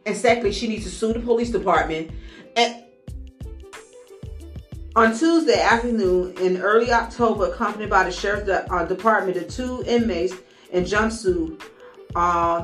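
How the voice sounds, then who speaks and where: A woman hosting a commentary show, reading a news story haltingly and breaking off to vent her anger. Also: mid-range voice. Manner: reads haltingly with stumbles, breaks off to vent angrily. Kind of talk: casual commentary over a news article. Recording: echoey room with faint music.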